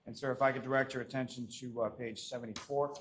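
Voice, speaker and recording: Formal Boston lawyer, faint hiss. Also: male voice, mid-range voice, fairly even intonation. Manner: formal, polite, with frequent "uh" pauses. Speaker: prosecutor questioning a witness. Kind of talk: courtroom examination.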